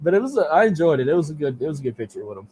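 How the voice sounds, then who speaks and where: A man guesting on a podcast interview, telling loose, animated stories with casual swearing. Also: a little high, very fast, slight background noise. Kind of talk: casual chat.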